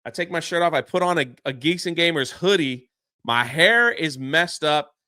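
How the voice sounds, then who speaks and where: A man telling a story as a podcast guest, excitable and quick to act out what others said. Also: a little high, no echo, clean studio sound. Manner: excitable, swears mildly, acts out quotes. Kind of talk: animated storytelling.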